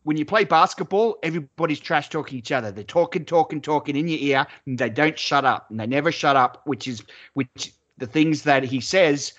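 A man's voice: a little high, fairly quick, hardly any pauses, a bit bright, muffled recording. A man co-hosting a casual sports chat podcast, rambling, swearing freely and laughing often. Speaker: podcast co-host.

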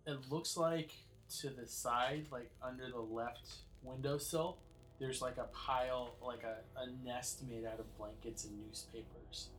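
A man in the game master's seat, describing a scene in a relaxed, rambling way and leaning on "like" as he searches for words. His voice sits at a middle pitch. Music plays steadily behind him. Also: measured pace, rough recording. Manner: loose, filler-heavy narration with frequent "like". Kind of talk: narrating a tabletop game.

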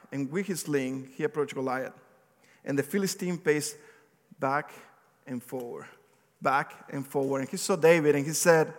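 A man preaches in a large, reverberant hall, his voice sitting a little high for a man. He tells the story with animated energy, voicing each character's lines, and now and then stumbles and restarts a word. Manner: animated storytelling, acts out quotes, some slips and restarts. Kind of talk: sermon retelling a Bible story.

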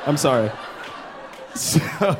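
A man in his thirties doing stand-up comedy, animated and profane, slipping into exaggerated voices. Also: fairly high pitch, very slow, crowd noise, background noise. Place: live comedy stage.

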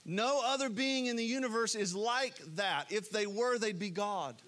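A man preaching a sermon, retelling scripture in an expressive storytelling way that drops low and soft for emphasis. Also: normal speed. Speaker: pastor.

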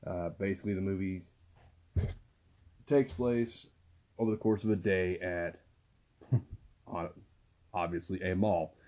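A man hosting a movie podcast, speaking quietly and carefully close to the mic at home, his voice worn from a recent illness. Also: deep voice, steady tone, slow, pauses often. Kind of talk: casual podcast talk. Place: small home recording room. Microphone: close to the microphone.

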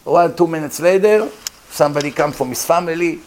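A man's voice: fairly high pitch, a little fast, a little mellow. A man, a rabbi telling a story in a lecture, acting out the voices of the people in it and laughing often.

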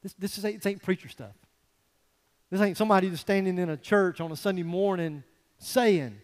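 A male pastor giving a conversational, animated sermon with folksy asides to the congregation. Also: high voice, moderate pace, big-room sound.

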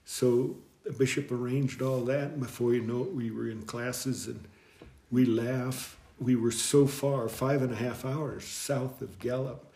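A middle-aged man telling his life story in an interview, rambling and halting, with frequent chuckles. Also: medium pitch, flat delivery, vocal fry, dark tone. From American Southwest. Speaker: guest deacon. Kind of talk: storytelling in conversation. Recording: echoey room.

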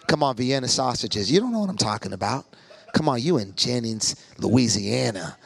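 Gravelly, animated man preaching with comic stories. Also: medium pitch, normal speed. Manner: animated, acts out every voice in his stories. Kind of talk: comic storytelling sermon.

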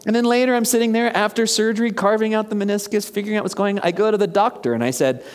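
A man around fifty preaching a conversational sermon, asking the congregation questions and dropping to a hushed near-whisper for emphasis. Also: sits high, rapid-fire. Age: about 50. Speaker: pastor. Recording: long reverb of a large hall.

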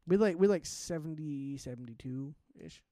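A man's voice: fairly high pitch, unhurried, no room sound, clean studio sound. Chatty young man telling stories. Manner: animated storytelling, acts out quoted people. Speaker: podcast co-host. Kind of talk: casual chat.

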